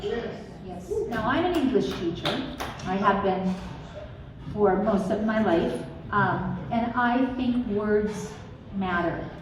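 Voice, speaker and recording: Slow, deliberate woman speaking at a rally. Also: mid-range voice. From southwestern Minnesota. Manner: measured, emphatic, folksy asides with light laughs. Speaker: political campaign speaker. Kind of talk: campaign rally speech. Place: restaurant event room. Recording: echoey, distant room recording with crowd noise.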